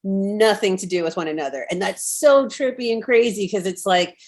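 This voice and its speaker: A woman in her thirties, a podcast guest in casual chat, talking in an animated, rambling way with many fillers over a remote call mic. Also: mid-range voice, moderate pace.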